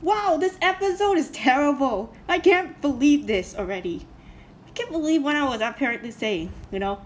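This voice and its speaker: High pitched woman doing a reaction vid, cussing a lot, lots of likes and you knows, quiet hiss behind. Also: animated, normal speed. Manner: indignant, swears a lot, many fillers. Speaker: reaction video host. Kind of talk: casual reaction commentary.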